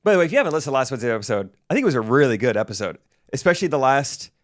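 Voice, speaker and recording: A man's voice: medium pitch, sing-song, rapid-fire, dry recording, clean studio sound. A man co-hosting a podcast, chatting casually and dropping in sponsor plugs in an easygoing way. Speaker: podcast co-host. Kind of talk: casual chat.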